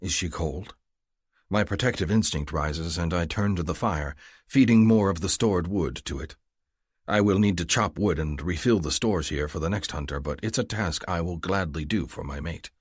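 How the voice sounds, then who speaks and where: A man narrating a story in first person, with a measured, grave delivery. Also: low voice, husky, dry recording, studio quality. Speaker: audiobook narrator.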